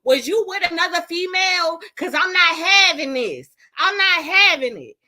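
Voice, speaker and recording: A woman's voice: extremely high pitch, very animated, normal speed, pushed and bright, pitched above the performer's own voice, exaggerated voice. A woman mimicking a young man who scolds his friend like a jealous, demanding girlfriend. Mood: scolding. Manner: sassy, demanding.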